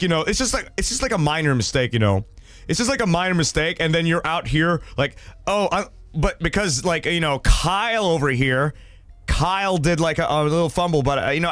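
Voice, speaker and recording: His voice is fairly high, with no echo in the recording. This young man hosts a laid-back livestream, going through viewer stories and reacting animatedly, rambling, cursing, and dropping fillers throughout.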